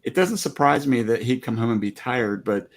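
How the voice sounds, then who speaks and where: A man's voice: medium pitch, lively intonation, moderate pace. A man guest in a casual chat, talking about farm life in an earnest, reflective way. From American. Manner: earnest, reflective, faith-minded talk. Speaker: guest homesteader.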